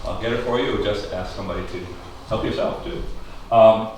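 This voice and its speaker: A middle-aged historical society host from Maine gives a casual local history talk to a small audience in a schoolhouse room, joking with them and asking them questions. His fairly low, steady, slightly mellow voice moves briskly, picked up from far off in an echoey room with a little hiss or hum.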